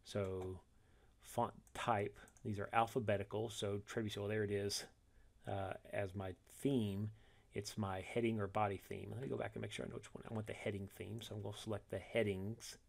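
A man walking through a software tutorial step by step, reading each instruction and then demonstrating it, correcting himself along the way. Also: lowish voice, little pitch movement, moderate pace, creaky. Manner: methodical, reads steps then demonstrates, self-corrects.

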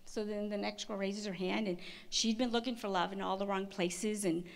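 Woman giving a lively testimony talk. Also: medium pitch, vocal fry. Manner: lively storytelling, quick restarts and laughs. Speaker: conference speaker. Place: stage at a women's conference.

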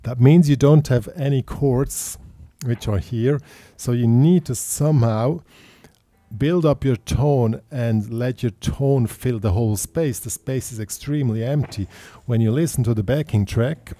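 A man's voice: mid-range voice, a little slow, dark tone, no echo. A man giving a guitar lesson, patiently explaining step by step in simple phrasing. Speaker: guitar teacher. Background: guitar playing and backing track.

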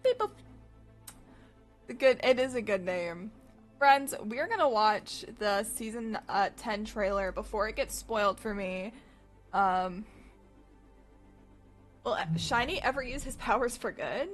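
A woman streamer chatting casually with her live audience, chatty and animated, swearing freely. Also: medium pitch, measured pace, pauses often, soft background music.

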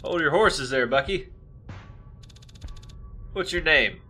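A folksy, suspicious small-town gas station clerk from a horror game, voiced by a man reading along. He talks in a dismissive, casual drawl, his voice bright and forceful. Faint music sits behind him. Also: a little high, expressive, takes it slowly, exaggerated voice.

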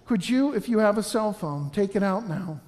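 Earnest homilist, man, high voice, storytelling with restarts, long church reverb. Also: animated, moderate pace, darkish tone. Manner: earnest, anecdotal, frequent restarts. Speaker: funeral homilist.

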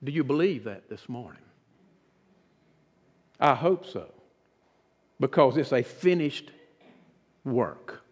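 A man preaching a sermon as pastor, earnest and dramatic, dropping often to a hushed voice. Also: mid-range voice, expressive, slow, pauses often, husky. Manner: earnest, dramatic preaching with sudden drops to a hush. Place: church sanctuary. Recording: reverberant church sanctuary.

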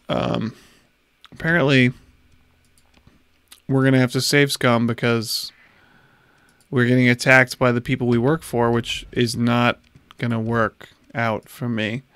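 A man in his thirties chats with his stream viewers while he plays, talking slowly and casually. His voice sits at a middle pitch, and the desk mic is close and dry, with no room sound. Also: fairly bright tone, clean tone, dry recording. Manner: chatty, talks to chat while playing. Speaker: livestreamer. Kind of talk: casual gameplay livestream chat.

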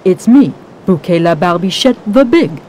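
A woman's voice: lowish voice, expressive, moderate pace, mellow, slight background noise, natural voice, low-quality recording. A woman voicing the biggest, strongest billy goat, bold and defiant.

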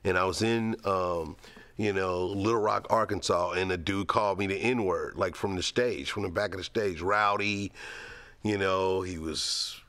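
A man's voice: sits low, fairly even intonation, a little slow, fairly bright tone, a little hiss or hum. A man, a stand-up comedian, recalling a story in an earnest, plain-spoken way with casual fillers. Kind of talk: anecdote in a documentary interview.

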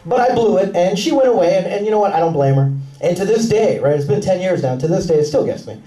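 Animated high-voiced comedian in a club. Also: male voice. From Mexican family roots. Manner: animated, punchy delivery with quick put-on voices. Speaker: stand-up comedian. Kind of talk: stand-up comedy set. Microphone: handheld stage mic. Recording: roomy club sound with laughing crowd, taken from far off. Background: audience laughter.

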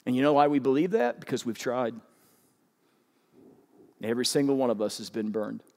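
A man preaching a sermon as pastor, animated and urging his congregation to respond. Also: normal speed. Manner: animated, urging the crowd with rising pitch. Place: large church auditorium. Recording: long hall reverb.

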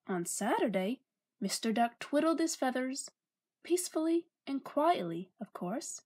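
A woman reads a picture book aloud in a playful, expressive way. Her voice is high and swings widely, and she takes her time, leaving room for her listeners. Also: husky. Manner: expressive, playful and unhurried, asking listeners questions. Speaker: storybook reader.

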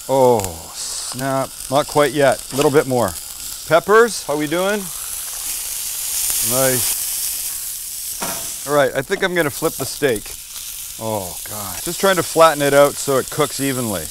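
A man's voice: mid-range voice, slight background noise. A man hosting a cooking show, chatting casually and enthusiastically as he cooks, swearing now and then and joking with his crew. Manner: talks to the camera crew by name.

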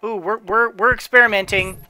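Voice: mid-range voice, fairly even intonation, fairly quick, bright, forceful tone. A gamer giving casual gameplay commentary, rambling with frequent restarts and chuckling to themself. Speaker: let's play gamer.

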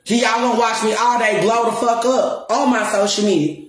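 A woman's voice: on the high side, steady tone, moderate pace. A woman ranting straight to the camera as a spiritual counselor, profane and defiant, pressing her points again and again. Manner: profane, defiant, repeats and stresses her words. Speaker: spiritual counselor and music promoter. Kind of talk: confrontational rant to the camera. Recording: roomy echo.

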